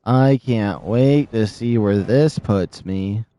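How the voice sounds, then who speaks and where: A man with a lowish, warm voice streams a video game live, talking slowly and casually into a desk microphone. His gameplay commentary rambles and he laughs often. There's no echo.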